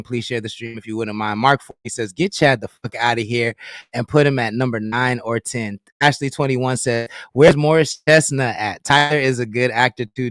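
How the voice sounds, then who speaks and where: A man's voice: medium pitch, a bit bright, no echo, clean studio sound. A man hosting a podcast livestream, reading the chat aloud in a loose, joking way and laughing often.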